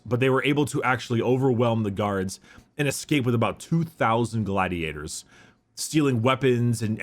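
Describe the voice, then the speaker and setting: A man casually retelling a story on a podcast, rambling with lots of fillers. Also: fairly low pitch. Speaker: podcast host retelling lore.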